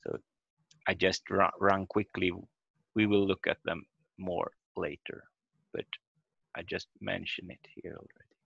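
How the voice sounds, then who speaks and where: A man leads a beginner language lesson over a video call, methodical and patient as he sounds words out syllable by syllable. His voice is low and gravelly and his delivery is slow. The audio is dull and lo-fi, with a close, dry sound. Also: fairly bright tone, dry recording. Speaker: language teacher.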